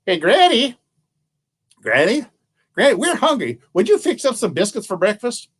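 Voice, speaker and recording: A man voicing a hungry mountain family calling to their grandmother in a told folktale, with pleading, drawn-out calls. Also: high voice, wildly swooping pitch, fairly bright tone, breathy edge, voice pushed up, exaggerated voice.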